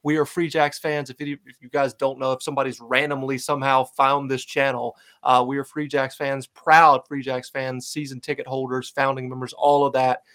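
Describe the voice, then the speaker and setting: A man's voice: mid-range voice, little pitch movement, a little fast, hardly any pauses, a bit bright. A man hosting a casual fan podcast, upbeat and hype-driven, with lots of fillers and restarts. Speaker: podcast host. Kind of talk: casual fan-show chat.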